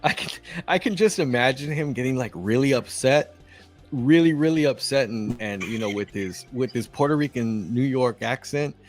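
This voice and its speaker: A Texan man co-hosting a laid-back podcast chat in a mid-range voice. He rambles, trips over restarts and fills pauses with "uh" and "um". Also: mid-range voice, faint music behind. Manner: rambling, with many fillers and restarts. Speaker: co-host.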